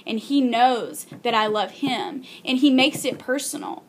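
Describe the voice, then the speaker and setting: A young woman in a casual vlog telling a heartfelt faith story, earnest and halting with many ums and restarts. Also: fairly high pitch, slight background noise. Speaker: video blogger.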